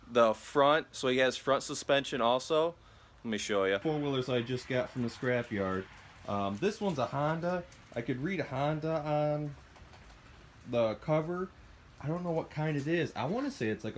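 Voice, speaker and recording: A man talks through his build in a relaxed, rambling way, filling gaps with "you know" and "uh." His voice sits in an everyday middle pitch. He is picked up by a camera mic in a home garage. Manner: chatty, explains as he works, uses fillers. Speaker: vlogger building a go-kart. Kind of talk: casual workshop chat.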